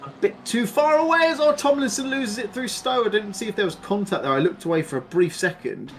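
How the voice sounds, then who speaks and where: A man doing live play-by-play commentary on a sim race, excitable and chatty, laughing often. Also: sits high, brisk, slight background noise.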